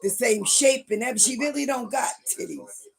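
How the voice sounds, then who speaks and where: Gravelly middle-aged woman rambling on a livestream. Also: on the high side, fairly quick, faint music behind. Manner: rambling, gossipy, bursts into loud outbursts.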